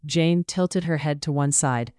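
A narrator reads a period romance in a measured, even storytelling manner. The voice is smooth and clear. It is recorded close to the mic in a dry space. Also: mid-range voice, no echo. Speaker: audiobook narrator. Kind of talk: scripted narration.

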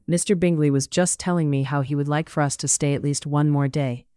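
A narrator plays a gentle, hopeful young lady from a period storybook, kind and soft-spoken. The voice is smooth and clear, and it is recorded close and dry. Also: mid-range voice, steady tone, brisk, no echo, natural voice. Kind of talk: audiobook character reading.

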